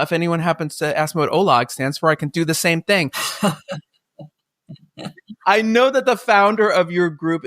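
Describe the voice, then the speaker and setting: A man's voice: a little high, fairly bright tone, no room sound, clean studio sound. A man hosting an upbeat podcast, enthusiastic and playful as he tells stories and welcomes guests. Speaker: podcast host.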